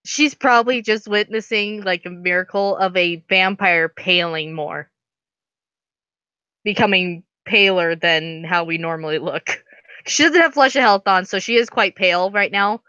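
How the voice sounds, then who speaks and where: Bright-voiced woman player. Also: medium pitch, clean tone, no room sound, muffled recording. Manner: quick, joking, blunt remarks. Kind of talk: casual tabletop game play.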